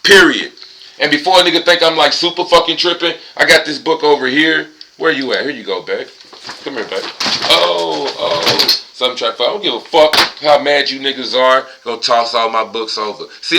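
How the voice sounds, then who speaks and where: Ranting man, bright forceful voice. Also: fairly high pitch, rough recording. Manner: rambling, profane ranting. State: tipsy and high. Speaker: vlogger. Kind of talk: casual profane monologue.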